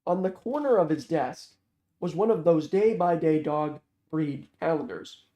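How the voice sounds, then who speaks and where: A man narrating a novel aloud in a steady, measured way. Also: a little high. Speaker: audiobook reader. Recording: roomy echo.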